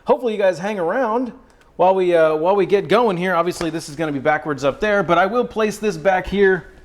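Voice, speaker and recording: A man's voice: high-pitched, quick pace. A man hosting a cooking livestream, chatting casually and addressing his viewers directly.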